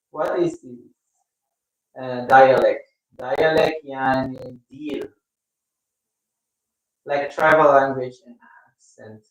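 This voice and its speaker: A man with a Filipino accent hosting a casual live stream, chatting with viewers in a rambling, halting way. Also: medium pitch. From Philippines. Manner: rambling, halting, with many restarts. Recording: echoey room, mic at a distance.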